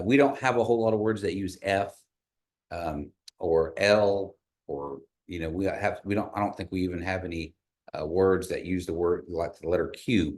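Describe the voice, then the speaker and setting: Low-voiced man teaching pronunciation. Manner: patient, models sounds slowly and has the class repeat. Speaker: language teacher. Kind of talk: classroom pronunciation lesson. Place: classroom with a group of learners.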